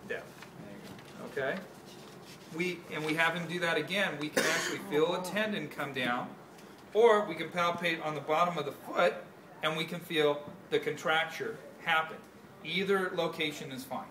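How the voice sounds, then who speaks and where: A man's voice: on the high side, moderate pace. Man teaching anatomy in an echoey classroom. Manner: explanatory, correcting himself mid-sentence. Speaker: instructor. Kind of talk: hands-on anatomy demonstration. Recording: echoey classroom from far off, faint noise.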